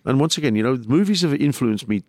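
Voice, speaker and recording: A middle-aged comedian with a South African accent telling stories in a rambling, animated way and acting out the voices of the people he quotes. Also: mid-range voice, quick pace, no echo, studio quality. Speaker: comedian, guest. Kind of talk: casual storytelling.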